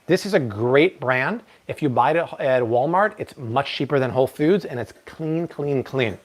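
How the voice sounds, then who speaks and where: A man in his thirties hosting a live-stream cooking demo, chatty and energetic, now and then slipping into playful broken Spanish. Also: medium pitch, moderate pace. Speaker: cooking show host.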